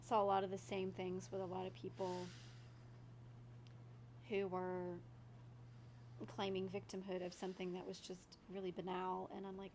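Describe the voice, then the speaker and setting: A woman's voice: on the low side, monotone, moderate pace, long pauses, darkish tone, slight background noise. A woman guest in a casual conversation, blunt and opinionated, speaking steadily and firmly.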